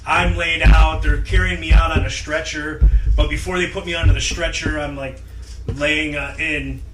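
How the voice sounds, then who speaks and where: A man telling a story in casual chat, animated and acting out quotes in loud voices. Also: fairly high pitch, moderate pace. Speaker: podcast guest. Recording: roomy, distant mic with clear noise.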